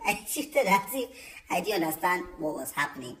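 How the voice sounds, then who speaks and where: A young man telling a storytime vlog, chatty and animated, with many fillers. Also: high voice, a little fast, slight background noise. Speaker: vlogger. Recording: roomy echo.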